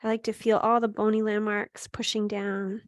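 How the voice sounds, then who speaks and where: A woman teaching a gentle yoga class, giving calm, encouraging cues with frequent "um" and "right?". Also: mid-range voice, moderate pace, no room sound, clean studio sound. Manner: speaks to students by name. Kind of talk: guided yoga class instruction.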